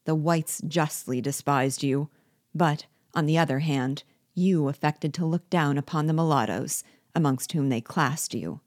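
A woman voicing an excited young male accuser. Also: sits low, measured pace, no room sound, studio quality. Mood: accusing.

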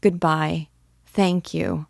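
Woman voicing a gentle young woman, a little teasing, low and dry. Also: fairly even intonation, drawn-out words, vocal fry, no room sound, exaggerated voice. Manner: gentle, reassuring.

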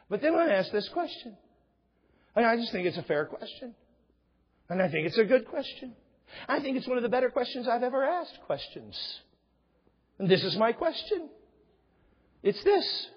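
A middle-aged pastor's husky voice swings widely in pitch as he preaches at a moderate pace, pausing often. Conversational, he acts out little exchanges with rising pitch in a church sanctuary. The audio is dull, with a long hall reverb tail.

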